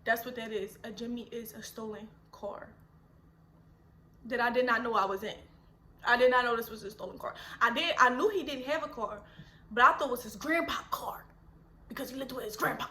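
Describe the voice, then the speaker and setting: A woman, telling a storytime vlog in an animated, chatty, slangy way. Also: fairly high pitch, fairly quick, roomy sound, a little hiss or hum. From Philadelphia. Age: 20s. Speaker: vlogger.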